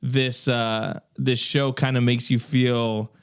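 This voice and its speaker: A man's voice: medium pitch, flat delivery, takes it slowly, smooth. A man co-hosting a casual nerd-culture podcast, chatting loosely and joking around. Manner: joking, puts on silly voices. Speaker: podcast co-host. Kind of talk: casual chat.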